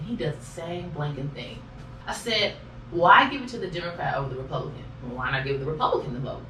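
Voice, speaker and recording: A woman poll challenger telling a story in an animated way and acting out what others said, recorded in an echoey room from a distance. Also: sits low, fast talker, a little hiss or hum. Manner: exasperated, acts out quoted voices.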